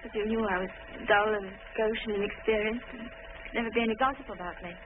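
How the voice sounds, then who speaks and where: An actress playing a shy, timid young wife in a 1940s film drama, hesitant and apologetic, often stammering. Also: female voice, medium pitch, steady tone, fast, natural voice. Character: shy, timid young bride, unsure of herself. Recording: tinny old film soundtrack with hiss.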